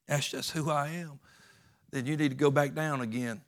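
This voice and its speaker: A man's voice: on the high side, fairly even intonation, normal speed. A man preaching a sermon in a folksy, emphatic way, with plain rural grammar.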